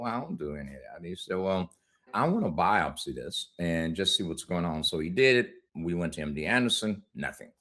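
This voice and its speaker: Deep-voiced middle-aged guy telling his story on an interview, candid, laughs a lot, chatty. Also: a bit bright. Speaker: guest.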